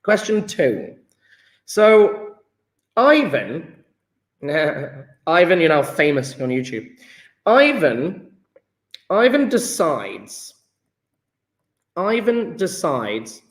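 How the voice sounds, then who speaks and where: A male chemistry teacher, running a live online lesson, talking through ideas with restarts and drawn-out repeats. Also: on the high side, big pitch swings, reverberant. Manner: thinks aloud with restarts, drawn-out repetitions.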